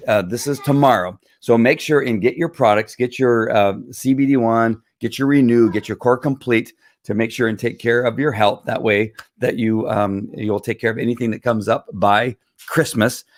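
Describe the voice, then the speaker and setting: A man streaming live from home, talking casually to viewers with a hoarse, tired voice, rambling with many fillers and throat clearing. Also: mid-range voice, steady tone, normal speed, dry recording, studio quality. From Southern California. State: hoarse, losing his voice. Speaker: live stream host selling wellness products. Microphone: computer or phone camera.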